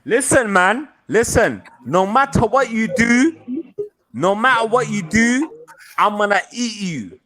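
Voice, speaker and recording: High, animated taunting man. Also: measured pace. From Southall, London. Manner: taunting, insulting, repeats lines. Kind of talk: heated trash talk on a live call-in panel.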